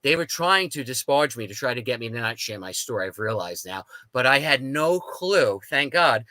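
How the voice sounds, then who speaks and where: A man's voice: mid-range voice, moderate pace, no room sound, rough recording. A man, a guest on a talk show, telling his story casually and animatedly, acting out the people he quotes. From United States. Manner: animated, acts out quoted dialogue.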